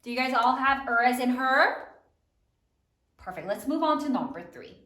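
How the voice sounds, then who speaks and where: A woman teacher leading a spelling lesson for third graders, slowly sounding out each letter and praising her students often. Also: sits high, lively intonation, bright, forceful tone, echoey room.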